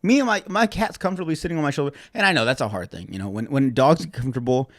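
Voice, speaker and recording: A man's voice: fairly high pitch, very fast, no room sound, clean studio sound. Rambling, profane man talking casually. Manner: rambling and profane, with many fillers; grows loud and animated when retelling something funny. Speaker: podcast host. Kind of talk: casual chat.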